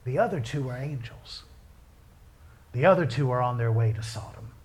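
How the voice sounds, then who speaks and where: A man's voice: medium pitch, normal speed. Man preaching with folksy fervor. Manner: builds from calm teaching to loud, impassioned pleading with hushed whispered asides. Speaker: pastor. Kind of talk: sermon.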